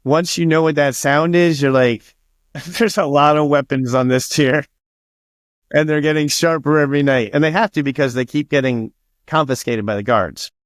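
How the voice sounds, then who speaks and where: A man's voice: a little high, steady tone, normal speed, no echo, clean studio sound. A man being interviewed as an author, telling stories casually, swearing freely and acting out what others said. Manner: swears freely and acts out quoted dialogue.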